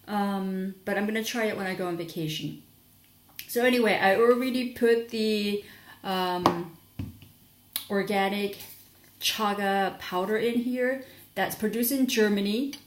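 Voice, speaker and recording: A woman's voice: mid-range voice, a little slow, a little hiss or hum. Chatty young woman rambling thru a kitchen review, kinda sleepy, roomy echo, dishes clinking. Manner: chatty, rambling, with many fillers and restarts. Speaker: vlogger. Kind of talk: casual product review vlog.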